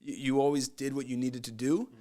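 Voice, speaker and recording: Guy coach on a podcast, telling stories, gets animated doing everyone's lines. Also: medium pitch, brisk. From Nova Scotia, Canada. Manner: animated, acts out quoted voices. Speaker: podcast guest, basketball coach. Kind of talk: casual storytelling.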